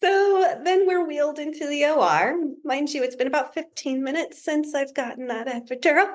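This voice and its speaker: A woman who is a podcast guest, telling a story in a casual, humorous and animated way. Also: high voice, a little fast.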